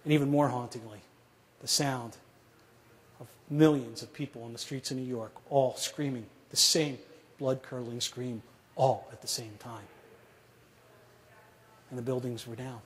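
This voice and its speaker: A man's voice: medium pitch, fairly even intonation. Middle-aged man telling a dramatic story. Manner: measured, dramatic pauses, drops to a hush at grave moments. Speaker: speaker telling a survivor story. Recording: echoey hall.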